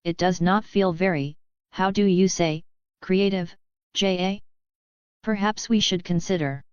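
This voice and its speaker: Gentle blue acrobat guy, read by a woman, soft hesitant speech, low smooth voice. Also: measured pace, no room sound, muffled recording, close to an everyday voice.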